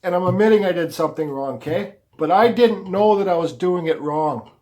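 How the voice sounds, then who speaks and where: A man's voice: high-pitched, a little fast, a little mellow. A man hosting a woodcarving vlog, talking casually to the camera in a blunt, rambling way and swearing freely. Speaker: woodcarving channel host.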